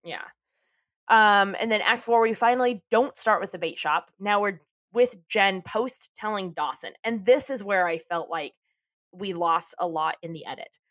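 A woman's voice: mid-range voice, normal speed, fairly bright tone, no echo, clean studio sound. A woman co-hosting a podcast, chatting casually as she recaps a TV episode, laughing often and swearing freely. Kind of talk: casual chat.

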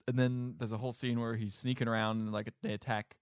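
A man's voice: mid-range voice, little pitch movement, quick pace, clear, resonant tone, no echo, clean studio sound. A man co-hosting a podcast, retelling a movie's plot in a sarcastic, exasperated way with casual swearing. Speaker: podcast co-host recapping a movie. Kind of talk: casual chat.

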